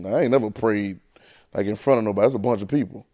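A man preaching a sermon, telling a childhood story with lively, animated delivery. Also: lowish voice, racing. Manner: animated storyteller, rising to excited near-shouting.

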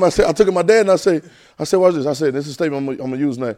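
A man preaching a sermon, telling a childhood story with lively, animated delivery. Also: a little high, very fast, a little hiss or hum. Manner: animated storyteller, rising to excited near-shouting.

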